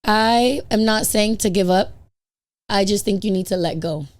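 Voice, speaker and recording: A woman's voice: mid-range voice, moderate pace. A woman co-hosting a podcast, speaking frankly and casually in support of her guest. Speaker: podcast co-host. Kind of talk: casual chat.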